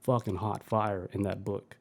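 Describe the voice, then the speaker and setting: A man's voice: on the low side, little pitch movement, a little slow, creaky. A man hosting a podcast in loose, profane, enthusiastic casual chat. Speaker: podcast host.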